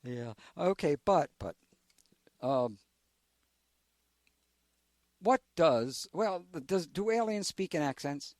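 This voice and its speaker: Teasing radio host guy, bouncy higher voice, dry close mic. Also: sing-song, slow, long pauses, darkish tone, no echo. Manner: playful, teasing. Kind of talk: casual radio interview.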